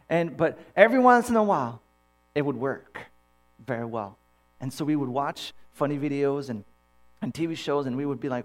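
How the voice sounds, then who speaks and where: A man preaching a sermon, telling personal stories in an animated way and acting out the dialogue. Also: medium pitch, normal speed, faint music behind. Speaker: pastor.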